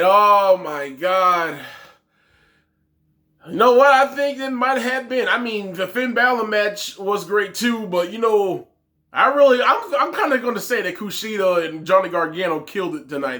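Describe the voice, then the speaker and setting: Excitable bright-voiced young man. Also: high-pitched, moderate pace. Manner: animated, exclaims often, trails off mid-sentence. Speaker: wrestling review host. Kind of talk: excited casual review.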